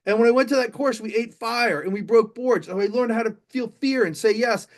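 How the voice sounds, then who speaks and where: A middle-aged man, a motivational speaker, telling an animated story on stage and speaking straight to a live audience. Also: extremely high pitch, a little fast. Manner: animated, addresses the audience directly.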